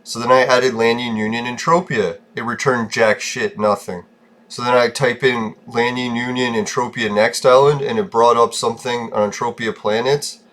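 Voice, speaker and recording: A man's voice: mid-range voice, fairly even intonation, normal speed, fairly bright tone. A man giving casual gameplay commentary, ranting and swearing often, in a short-tempered, irritable way. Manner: profane, ranting, easily irritated. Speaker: gaming vlogger.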